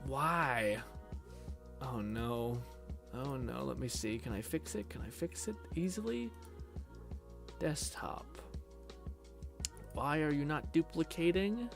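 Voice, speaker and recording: A man's voice: medium pitch, takes it slowly, gravelly, long pauses, faint music behind. A man live streaming from his home computer, chatting casually with viewers and rambling and swearing while he troubleshoots his PC.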